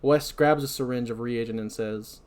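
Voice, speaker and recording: A man hosting a podcast, recapping a movie scene by scene with animated storytelling and self-deprecating asides. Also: medium pitch, normal speed. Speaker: podcast host.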